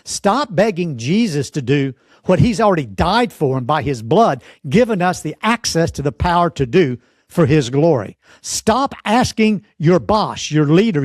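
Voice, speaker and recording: A man teaching in an earnest, exhorting sermon style, fond of pointed rhetorical questions and deliberate dramatic pauses. His voice sits somewhat high for a man, and the sound is close and dry with no room echo. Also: darkish tone. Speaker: preacher and teacher.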